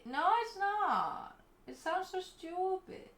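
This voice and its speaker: A young woman streamer chats in a giggly, unhurried way. Her voice is bright and a bit high, and the room around her sounds echoey. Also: animated. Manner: giggly, chatty, reads chat aloud. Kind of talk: casual live-stream chat.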